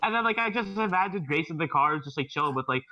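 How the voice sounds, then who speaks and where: A man's voice: on the high side, expressive, muffled recording, a crowd in the background. A young man on a podcast, bantering crudely and teasing his friends. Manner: crude, teasing, quick jokes. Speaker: podcast co-host. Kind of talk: casual chat, teasing banter.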